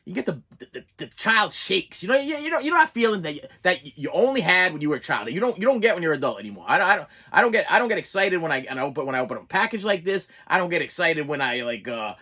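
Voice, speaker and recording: Lively, stammering middle-aged man ranting. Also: sits high, racing, few pauses, slightly rough. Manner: animated, stammering, many restarts and "okay?" tags. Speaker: channel host. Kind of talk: comic rant.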